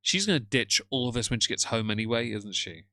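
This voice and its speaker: A man's voice: medium pitch, expressive, brisk, pushed and bright, no echo. A man hosting a live stream, talking casually and mockingly to his viewers and greeting chat. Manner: sardonic, mocking, chatty asides to viewers. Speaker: livestream host. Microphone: headphones on, moderating chat from a phone.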